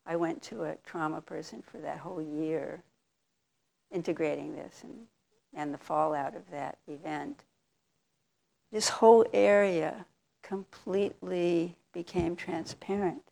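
An older woman giving a reflective talk as a meditation teacher, telling a personal story candidly and with soft laughs. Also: low-pitched, measured pace, vocal fry.

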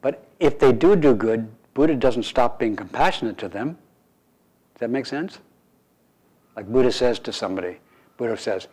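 A man, a meditation teacher, giving a relaxed dharma talk to a group with playful, wry asides. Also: mid-range voice, normal speed, slightly rough, poor audio.

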